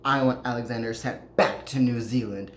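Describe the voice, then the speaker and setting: Voicing an anxious, distraught mother from the 1930s pleading for her daughter's return, a podcaster performs theatrically in a put-on accent. The natural voice stays mid-range and steady at a moderate pace, recorded with roomy echo and faint noise.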